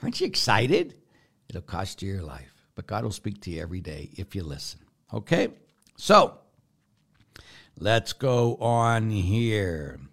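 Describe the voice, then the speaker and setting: Blunt priest with forceful manner. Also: male voice, lowish voice, very animated, a little slow. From Pittsburgh, United States. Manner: blunt, forceful, storytelling with rambling restarts. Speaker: Catholic priest answering listener questions. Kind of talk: casual Q&A talk.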